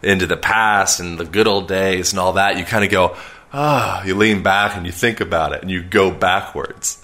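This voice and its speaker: A man's voice: deep voice, fairly even intonation, normal speed, pushed and bright. A man talking casually as a podcast guest, explaining at length with many fillers and restarts. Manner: rambling, filler-heavy, self-aware long-winded talk.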